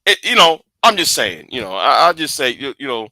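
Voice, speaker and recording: Male commentator, halting delivery, very bright tense tone. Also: medium pitch, sing-song, no echo. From United States. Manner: halting, many repeats and restarts. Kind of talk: casual political commentary.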